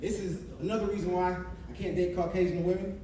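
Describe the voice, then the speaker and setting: A man's voice: high-pitched, little pitch movement, quick pace, mellow. A man in his thirties doing a brash, profane stand-up set on a club stage, telling stories with asides to the crowd. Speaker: stand-up comedian. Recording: echoey club from a distance with noise.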